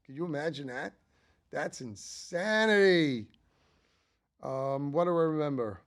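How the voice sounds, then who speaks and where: A man's voice: fairly high pitch, lively intonation, a little slow. Older man chatting enthusiastically. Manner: chatty and enthusiastic, rambling with asides. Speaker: channel host. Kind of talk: casual ranking monologue.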